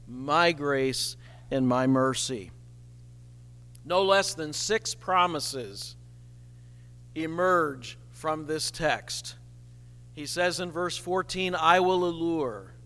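A man preaching a sermon as pastor, slow and emphatic with dramatic pauses. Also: fairly high pitch, bright, forceful tone, long reverb tail.

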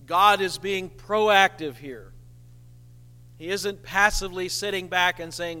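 A man preaching a sermon as pastor, slow and emphatic with dramatic pauses. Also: high-pitched, bright, forceful tone, clear, resonant tone, long reverb tail.

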